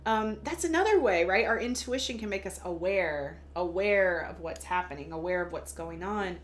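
A woman guest on a podcast, a medium telling stories in a casual, animated way and acting out the voices she quotes. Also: lowish voice, normal speed. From United States.

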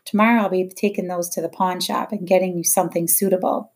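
A woman voicing a harsh, scornful working-class mother, low and furious as she reads a storybook scene. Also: steady tone, quick pace, close to an everyday voice.

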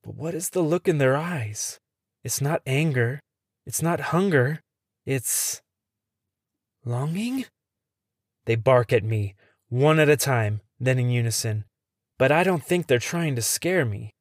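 A man reading a first-person horror story in a tense, suspenseful way, dropping to a hush at the scary moments. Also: medium pitch, expressive, a little slow, dry recording, clean studio sound.

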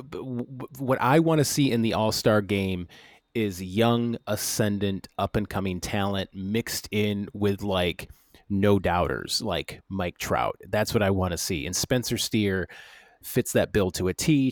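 A man co-hosting a casual sports podcast, reading off stats quickly between stumbling restarts. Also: lowish voice, no echo, studio quality. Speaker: podcast co-host.

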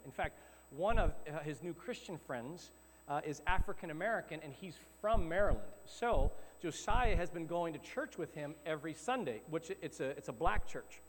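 Brief: middle-aged male pastor, fairly high voice, chatty animated sermon, long church reverb, faint hum. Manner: conversational storytelling, animated. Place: church hall.

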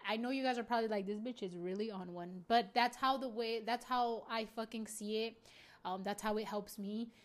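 A woman in her twenties talking candidly and profanely to her viewers about self-care and being a mom. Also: mid-range voice. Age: 20s. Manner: casual, profane, heartfelt. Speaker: vlogger.

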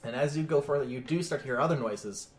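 A man's voice: medium pitch, quick pace. A man running a tabletop game as game master, narrating in a laid-back way with chuckles and sound effects. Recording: echoey room.

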